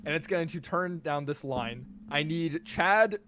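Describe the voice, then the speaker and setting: A man's voice: fairly high pitch, unhurried, fairly bright tone, a little hiss or hum. A man running a tabletop game as game master, laid-back and often chuckling as he talks through the rules.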